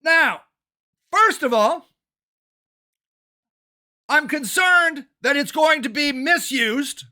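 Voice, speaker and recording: Loud, angry older man ranting. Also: extremely high pitch. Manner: shouting, swearing, fast and agitated. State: angry and worked up. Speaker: local activist and city council candidate.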